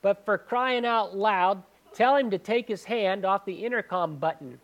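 A man voicing a sleepy girl delivering a dry, deadpan message from her dad. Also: sits high, measured pace, muffled recording, slight background noise. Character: sleepy younger sister in pajamas.

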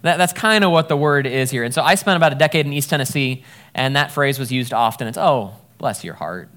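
A man in his thirties preaches in a loose, conversational way. He jokes at his own stumbles and keeps the tone plain. His voice sits at an ordinary middle pitch. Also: fast, a bit bright. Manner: casual, self-deprecating, stumbling over words. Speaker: pastor. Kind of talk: conversational sermon.

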